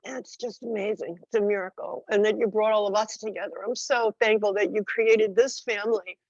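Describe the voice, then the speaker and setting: A woman's voice: mid-range voice, fairly even intonation, a little fast, darkish tone, dry recording. Woman, emotional friend on a video call, tearful, gushing, lots of fillers; dry, muffled call audio. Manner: gushing, rambling with many fillers. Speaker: friend calling in. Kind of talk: emotional heartfelt tribute.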